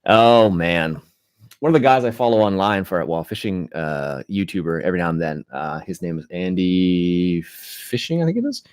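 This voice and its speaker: Low-voiced man chatting loosely. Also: moderate pace, smooth, no room sound, studio quality. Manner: rambling, relaxed, frequent restarts and fillers. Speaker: gaming channel host. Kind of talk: casual live-stream chat.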